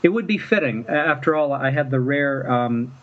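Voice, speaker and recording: A man from Mississippi, a fan filmmaker guest, telling stories in a rambling, halting way and chuckling often. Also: mid-range voice, lively intonation. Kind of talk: casual storytelling interview. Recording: dull lo-fi with faint noise.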